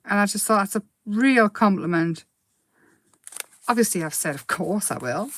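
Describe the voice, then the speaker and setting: A woman hosting a casual live craft demo, chatty and quick to giggle as she paints. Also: medium pitch, expressive, a bit bright, no echo.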